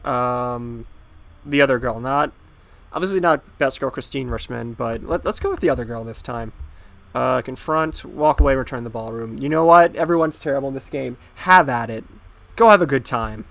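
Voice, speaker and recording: A man's voice: mid-range voice, moderate pace, gravelly, fairly bright tone. A young man giving rambling, sarcastic commentary while playing through a dating game. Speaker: game let's-player. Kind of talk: casual gameplay commentary.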